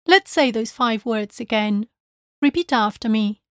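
Slow, careful female language teacher. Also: fairly high pitch, expressive, dry recording, studio quality. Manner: clear, careful, repeats each word twice. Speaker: Spanish pronunciation teacher. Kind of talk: slow scripted pronunciation lesson.

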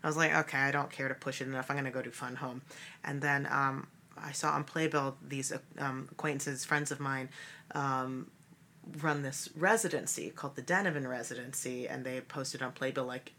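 A woman's voice: a bass voice, fairly even intonation, normal speed, bright, forceful tone, a little hiss or hum. A woman, a stage actress and cabaret performer, chatting casually in an interview, laughing often and talking with many fillers. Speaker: musical theatre actress and cabaret creator.

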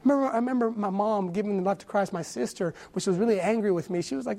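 Young male preacher, husky, earnest testimony with stammered restarts. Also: sits high, fast, few pauses, darkish tone. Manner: earnest, repeats words often, stammering restarts. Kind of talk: sermon testimony.

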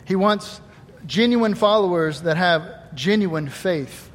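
A man preaching a sermon, lively and animated, acting out quoted voices and swinging between loud emphasis and quiet asides. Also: sits high, slow, in a large hall. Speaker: pastor. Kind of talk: Easter sermon.

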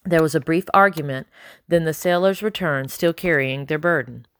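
A woman narrating a first-person audiobook in a steady, measured storytelling style on a close studio mic. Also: deep voice, dry recording.

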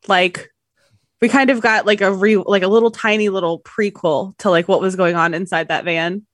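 A woman co-hosting a relaxed podcast conversation, chatty and quick to giggle. Her voice sits in a middle range and sounds dry and close. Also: mid-range voice, no room sound. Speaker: podcast co-host. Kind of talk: casual chat.

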